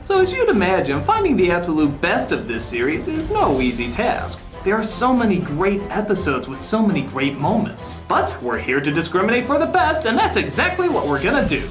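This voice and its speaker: Man, comedic reviewer, exaggerated delivery, wildly lively pitch, music behind. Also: a little fast, hardly any pauses. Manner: exaggerated, swings to yelling.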